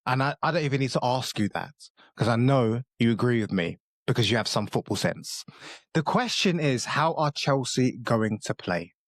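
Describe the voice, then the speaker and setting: A man's voice: mid-range voice, lively intonation, moderate pace, dry recording, clean studio sound. A man co-hosting a football podcast, talking bluntly, swearing and joking in casual chat.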